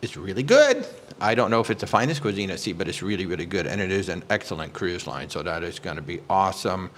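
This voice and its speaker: A man hosting a live cruise question-and-answer stream as a travel agent. He talks in an excitable, chatty way, greets viewers by name and fills pauses with lots of "uh"s. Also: deep voice. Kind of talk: casual live-stream chat.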